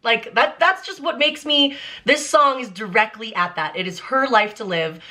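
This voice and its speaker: A young adult woman talks through lyrics in casual vlog commentary, with a bright, lively timbre pitched a little high. She speaks emphatically and animatedly, with frequent "like" fillers. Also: normal speed. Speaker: vlogger analyzing song lyrics.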